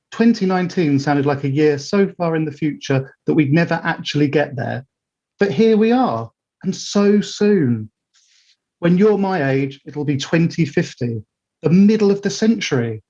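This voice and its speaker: A man's voice: on the high side, a little mellow. A man reading his own heartfelt letter aloud, earnest and wry, with self-mocking asides. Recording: dull lo-fi live-stream audio.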